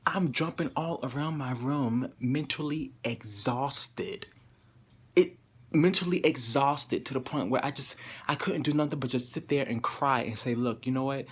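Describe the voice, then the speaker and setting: A man's voice: mid-range voice, measured pace, breathy edge. A young man telling a personal story straight to his camera, emphatic and profane, and he repeats words when he gets worked up. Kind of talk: confessional vlog to camera. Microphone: camera mic.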